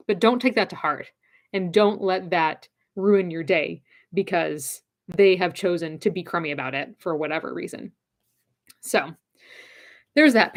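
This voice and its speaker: Direct, encouraging woman giving advice. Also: fairly low pitch. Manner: encouraging, direct, repeats her key phrases. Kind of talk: casual advice talk.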